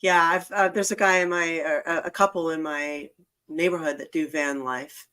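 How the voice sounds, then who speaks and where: A woman hosting a casual podcast, chiming in with quick, teasing remarks. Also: low-pitched, fairly even intonation, bright, forceful tone, clear, resonant tone. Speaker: host.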